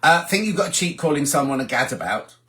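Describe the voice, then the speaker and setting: Older man hosting a relaxed live chat; animated, bright voice, reads out and answers viewer messages. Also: on the high side, fast talker. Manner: chatty, reads out comments and answers them. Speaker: host of a sewing livestream. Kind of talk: casual live chat reading viewer comments.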